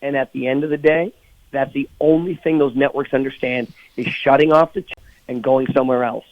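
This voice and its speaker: A man's voice: medium pitch, steady tone, a little fast, dry recording, dull audio. A man speaking as a guest on a radio talk show, indignant and emphatic. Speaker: political guest. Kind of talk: phone-in radio interview.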